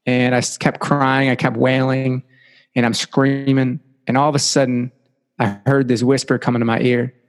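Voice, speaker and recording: A man's voice: medium pitch, little pitch movement, normal speed, long reverb tail. A young adult man, a podcast guest, telling a personal life story earnestly and often saying "like" and "you know".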